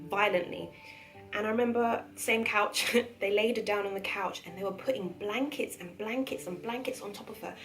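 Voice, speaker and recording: A young woman tells a true spooky story to her viewers in an earnest, animated way, leaning on emphatic repeats. Her voice sits at a middle pitch, and soft piano music plays faintly behind her. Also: rough recording. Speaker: vlogger telling a story. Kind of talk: casual storytime narration.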